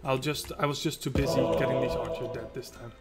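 A man's voice: mid-range voice, steady tone, brisk. Rambling man narrating his gameplay. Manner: rambling, talks to himself and the game. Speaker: let's play host. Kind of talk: casual gameplay commentary. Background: loud game music.

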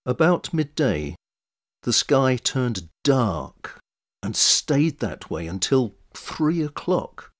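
Slow, expressive male scripture reader. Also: medium pitch. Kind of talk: scripted Bible reading.

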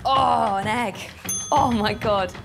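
A woman comedian who reacts to a pre-filmed taste task with loud, excitable exclamations. Music plays under the clip. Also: a little high, takes it slowly, creaky. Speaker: comedian contestant.

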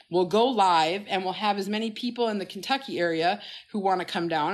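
A middle-aged woman coaching and telling stories on a phone live stream, blunt and profane. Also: mid-range voice. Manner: blunt, profane, animated storyteller. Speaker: health coach. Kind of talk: casual TikTok live chat.

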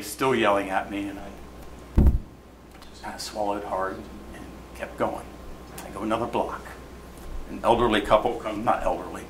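A middle-aged man telling a story to an audience at an event, acting out the dialogue as he goes. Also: on the low side. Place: event hall. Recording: echoey room with faint noise.

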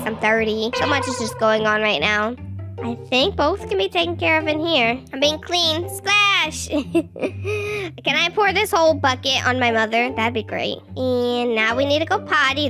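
A woman doing playful gaming commentary while she role-plays a whiny baby, pleading and excitable. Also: sits high. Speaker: gaming video creator. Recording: upbeat music playing under the voice. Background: children's game music.

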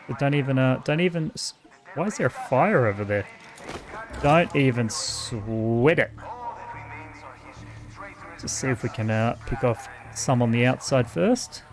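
Swearing Australian gamer chatting through play. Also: male voice, mid-range voice, expressive, unhurried, long pauses, over music. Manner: casual, swears freely, chats to the game characters. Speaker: gaming host. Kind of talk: let's play commentary.

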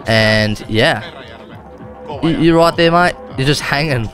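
A man's voice: medium pitch, unhurried, long pauses, music in the background. A man with an Australian accent giving loose, rambling gameplay commentary, often correcting himself mid-sentence. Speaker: gaming video host. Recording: car engine noise behind.

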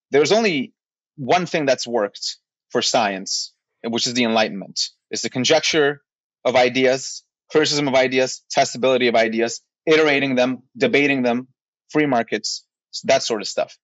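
A man's voice: medium pitch, fairly bright tone, dry recording. Blunt, swearing man on a dull line. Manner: blunt, exasperated, swears freely. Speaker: podcast co-host. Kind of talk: heated rant in casual podcast chat.

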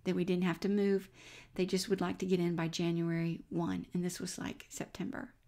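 A middle-aged woman giving an earnest personal faith testimony as a Christian speaker. She tells her story warmly and sometimes drops to a near-whisper. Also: fairly low pitch, monotone, normal speed.

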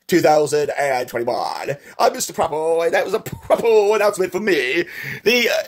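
A man's voice: on the high side, normal speed, close to an everyday voice. A man doing a pompous corporate board chief.

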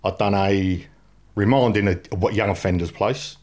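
A man's voice: fairly low pitch, normal speed. A man in his forties with a London accent, telling his life story in a blunt, slangy way. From England. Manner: blunt and unpolished, lively storytelling with dropped-in slang. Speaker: guest.

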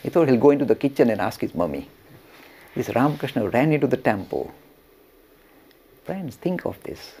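A man teaching religion through an animated storytelling lecture, now and then chuckling as he talks. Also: medium pitch, moderate pace, long pauses, breathy edge. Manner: animated, chuckles while telling.

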